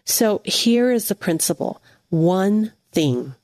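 A woman's voice: medium pitch, expressive, takes it slowly, dry recording, studio quality. Earnest woman giving a devotional talk. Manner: warm, earnest, addresses listener as friend. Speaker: Christian devotional speaker. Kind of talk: gentle devotional teaching.

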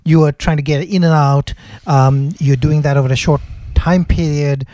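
Male co-host, warm low-energy timbre, dry studio sound. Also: steady tone, moderate pace, no room sound. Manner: thoughtful, explains with restarts and fillers. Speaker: podcast co-host, investment analyst. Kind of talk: casual podcast chat.

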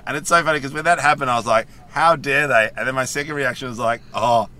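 A man's voice: mid-range voice, fast, sharp tone. A man co-hosting a podcast in casual chat, talking keenly and laughing easily. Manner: enthusiastic, loves awkward moments, laughs easily. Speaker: podcast co-host.

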